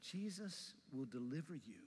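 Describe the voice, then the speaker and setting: A male pastor preaching a sermon with passion, rising loud and dropping soft. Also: mid-range voice, sing-song, a little slow, long reverb tail, slight background noise.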